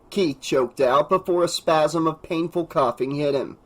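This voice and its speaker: An audiobook narrator reads an unabridged horror novel aloud with dramatic expression, pitching up and shouting louder when he voices characters. He keeps a measured pace with hardly any pauses, and the recording quality is low.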